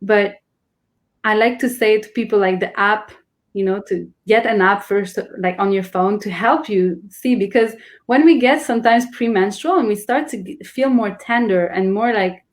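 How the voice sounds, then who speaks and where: Woman, earnest, restarts often, casual talk, medium pitch. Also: normal speed. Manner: earnest, explains with many restarts and fillers. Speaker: guest. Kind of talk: casual conversation.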